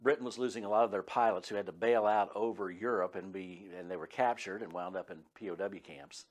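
Pastor guy preaching, earnest and emphatic, kinda low voice, lots of uhs. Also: a little fast. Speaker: pastor and Bible teacher. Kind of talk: radio sermon.

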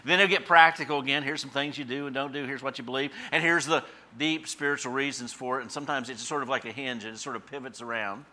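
A man's voice: mid-range voice, steady tone, fast, few pauses, bright, forceful tone. A middle-aged man preaching a casual, folksy Bible sermon, with plenty of fillers and restarts and sudden bursts of emphasis on key phrases. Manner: punches key phrases by suddenly raising his voice. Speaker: pastor and Bible teacher. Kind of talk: conversational radio sermon.

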